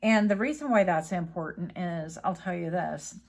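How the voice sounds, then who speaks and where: A woman's voice: lowish voice, normal speed, gravelly, darkish tone. A woman giving a casual tarot reading, chatty and rambling, with many fillers and tangents. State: coughing, a bit choked up. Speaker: tarot reader.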